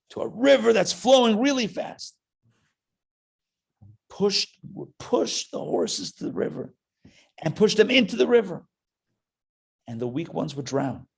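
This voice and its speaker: A homesick male Kazakh prisoner, voiced by a man telling a story. He speaks low and hushed at first, then builds into an excited, rising telling. The voice carries a middle pitch for a man. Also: husky. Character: grieving male Kazakh prisoner praising horses.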